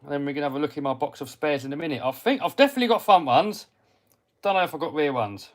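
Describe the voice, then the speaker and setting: This RC hobby livestreamer from England talks fast, with a fairly high pitch and lively intonation, as he chats casually while working on a model car. He reads viewer comments out and responds, muttering to himself as he cleans parts.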